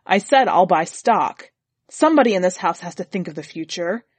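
A woman reader doing a grumbling husband who sneers at everything, with a low, slightly husky voice. He talks with gloomy relish and contempt. The sound is close and dry. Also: lively intonation, normal speed, no room sound. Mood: scornful. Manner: gloomy, scornful, complaining. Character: grumbling middle-aged husband, sour and contemptuous.

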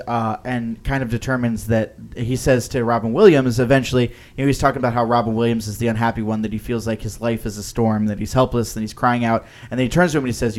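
A man in casual conversation on a film podcast, his voice sitting at an ordinary middle pitch. He talks loosely and hesitantly, circling back, restarting sentences, and filling pauses with "um" and "like.". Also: darkish tone. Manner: hesitant, lots of "like" and "um" with frequent restarts. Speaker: podcast co-host. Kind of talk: casual film-discussion chat.

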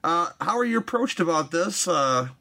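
Male podcast host, crisp bright voice, hesitant casual chat. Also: on the high side, lively intonation, normal speed. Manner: rambling, hesitant with fillers. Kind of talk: casual interview.

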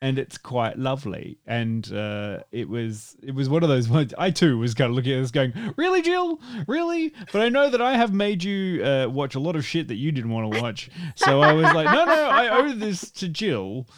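A podcast co-host in casual chat, teasing the others with quick asides. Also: medium pitch, animated.

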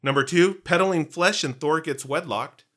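Male podcast co-host, playful and hammy, slightly high voice. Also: normal speed, fairly bright tone. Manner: playful, jokey, hammy pirate bits. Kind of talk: casual chat.

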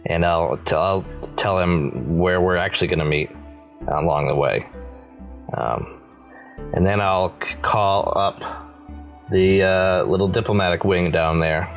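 A man with a very low voice talks through his plans as a player in a tabletop role-playing game. He is relaxed and laughs easily, with faint music in the background. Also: unhurried, pauses often. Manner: laid-back, chuckling scheming.

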